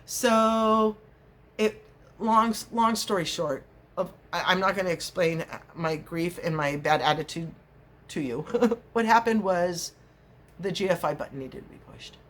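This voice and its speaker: A woman's voice: lowish voice, a little slow. Middle-aged woman, casual rambling vlogger, frequent laughs. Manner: chatty, laughs often, acts out little scenes. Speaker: crochet vlogger.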